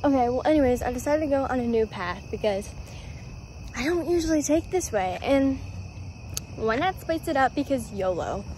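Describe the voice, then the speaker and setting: A woman's voice: sits high, animated, moderate pace, warm tone, a little hiss or hum. A young woman vlogging in a casual, giggly, rambling way, full of fillers, filmed on a handheld camera at home and out on a night walk. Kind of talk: casual vlog chat.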